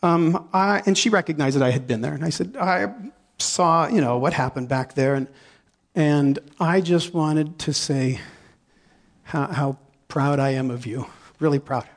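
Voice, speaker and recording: A man preaching a sermon, telling a story with lively acted-out inner dialogue and frequent laughter, then leading a prayer. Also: on the high side, unhurried. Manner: animated, acts out inner dialogue, laughs often. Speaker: pastor.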